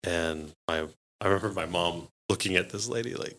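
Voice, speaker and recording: A deep-voiced man speaking at a moderate pace, a podcast guest telling casual stories. He's animated, acting out the people he quotes and laughing as he does their voices.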